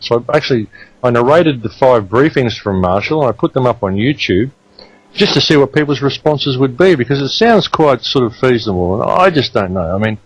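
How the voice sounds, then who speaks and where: A man's voice: mid-range voice, no echo, poor audio. A man with an Australian accent hosting a talk radio show, speaking emphatically to his listeners. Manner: emphatic, addresses listeners as folks.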